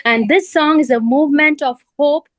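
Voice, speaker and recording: A woman composer and singer on a video call, out of breath at a railway station, talking haltingly with many fillers and apologies. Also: sits high, no echo, low-quality recording. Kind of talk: video call panel talk.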